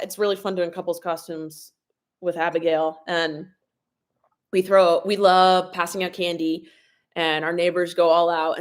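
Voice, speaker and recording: Chatty young woman live-streaming at home. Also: fairly low pitch. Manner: chatty, laughs often, answers viewer questions. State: a little sick with sniffles. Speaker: vlogger hosting a live stream. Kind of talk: casual live-stream chat reading comments. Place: home, at a laptop in the kitchen. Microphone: laptop or phone camera propped up.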